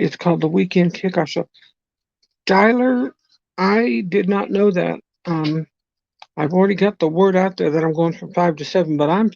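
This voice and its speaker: A man with a gravelly, creaky voice hosts a live stream. He talks in a rambling, friendly way, greets viewers one at a time and reads out chat messages. The sound is close and dry, with dull lo-fi stream audio. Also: high-pitched, a little mellow, dry recording.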